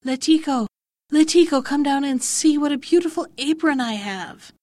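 A woman's voice: high-pitched, lively intonation, unhurried, no room sound, clean studio sound. A woman playing a coaxing hungry lamia. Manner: coaxing, then threatening. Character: wheedling female lamia, hungry monster.

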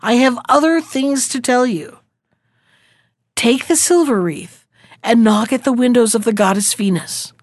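A wise magic horse gives firm, clear orders in a storybook tale, as a woman reading aloud puts it on. The voice stays fairly high with a dry, close sound. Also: unhurried, dry recording. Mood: commanding. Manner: firm and instructive.

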